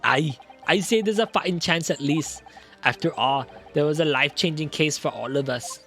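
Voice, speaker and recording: A man putting on a gruff Scottish old-timer. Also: fairly high pitch, moderate pace, a bit bright, soft background music. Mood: explaining. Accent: put-on Scottish. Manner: brusque, dismissive, broad dialect words. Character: gruff older Scottish man, defensive and evasive. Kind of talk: reading a game character aloud in a put-on voice.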